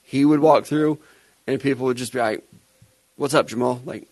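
A man's voice: mid-range voice, moderate pace, a little mellow, no room sound. A young man co-hosting a podcast, chatting casually and teasing his co-host with plenty of laughter. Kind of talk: casual chat.

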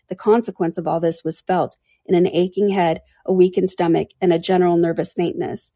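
A woman narrating a classic novel aloud in an even, unhurried reading style. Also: fairly low pitch, breathy edge, dry recording, studio quality. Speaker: audiobook narrator.

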